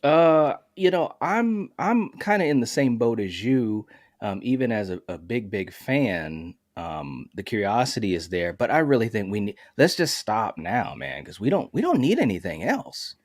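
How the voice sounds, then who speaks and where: A man's voice: lowish voice, big pitch swings, normal speed, no echo, studio quality. Laid-back man hosting a horror podcast. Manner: laid-back, fillers and friendly asides. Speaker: podcast host. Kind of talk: casual horror chat.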